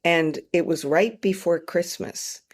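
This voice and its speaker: A woman author, a guest on a podcast, telling her travel stories in an animated, self-mocking way. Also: on the low side, takes it slowly. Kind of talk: storytelling in a podcast interview.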